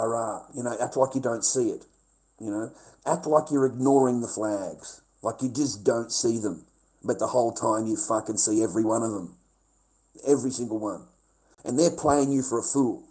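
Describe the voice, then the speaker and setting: A man's voice: medium pitch, a little mellow, poor audio. Male livestreamer, foul-mouthed and rambling, casual rant. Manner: profane, rambling and blunt.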